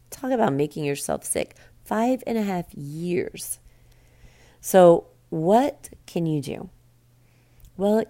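A woman hosting a podcast, talking calmly in a coaching, reflective monologue. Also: deep voice, creaky. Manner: calm, coaching, speaks in quoted self-talk. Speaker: podcast host.

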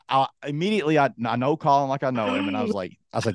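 A man's voice: medium pitch, very fast, few pauses, no echo, studio quality. A man co-hosting a casual chat, rambling and self-deprecating, acting out quotes in a raised voice. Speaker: podcast co-host.

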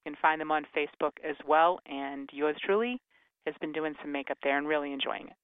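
A man's voice: on the high side, fairly quick, smooth, no echo. Chatty male radio co-host, lo-fi. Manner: chatty, upbeat self-promotion. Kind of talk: casual radio talk. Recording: phone-like lo-fi radio sound.

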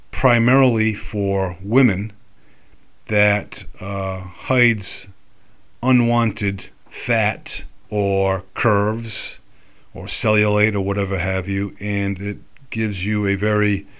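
A man's voice: fairly low pitch, a bit bright, clean tone. A man talking casually in a rambling, reflective monologue, full of fillers and restarts.

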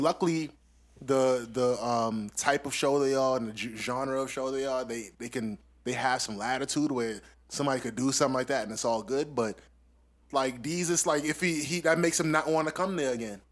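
A man's voice: medium pitch, fairly quick. A man co-hosting a podcast in loose, slangy casual chat, laughing often. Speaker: podcast co-host.

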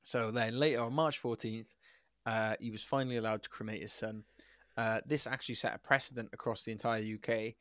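A man's voice: on the low side, fairly even intonation, fairly quick, fairly bright tone, clean tone, no room sound, clean studio sound. Sweary young man telling a story. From Wales. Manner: sweary, storytelling, laughs often. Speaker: podcast co-host. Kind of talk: casual chat.

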